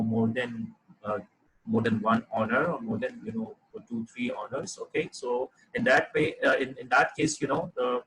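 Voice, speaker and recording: A man teaching a lesson on clear writing, explaining examples step by step with frequent fillers and restarts. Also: medium pitch, fairly bright tone, a little hiss or hum, poor audio. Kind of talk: lecture on writing.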